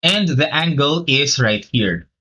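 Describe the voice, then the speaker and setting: A man's voice: fairly high pitch, lively intonation, takes it slowly, bright, forceful tone. A man with a Filipino accent teaching a live online geometry lesson, explaining step by step and switching between English and Tagalog.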